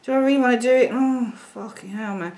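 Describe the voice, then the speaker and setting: A woman's voice: a little high, brisk, a little mellow, lightly acted. A woman voicing a man who is scared of commitment, sighing and mumbling reluctantly.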